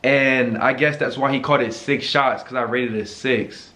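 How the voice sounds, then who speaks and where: A man giving casual reaction commentary, animated, slangy and joking. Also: mid-range voice, normal speed. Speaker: YouTuber reacting to a video.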